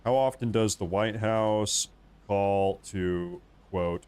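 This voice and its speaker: A man's voice: on the low side, fairly even intonation, takes it slowly, darkish tone, clean tone. A man hosting a live stream, talking casually and rambling, often restarting and muttering asides to himself.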